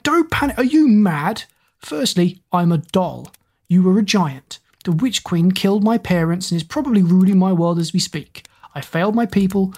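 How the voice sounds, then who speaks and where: A small doll prince, young and frightened, who talks with an anxious earnestness, voiced by a woman. The voice sits low and husky, as heard in a storybook reading. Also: darkish tone, exaggerated voice.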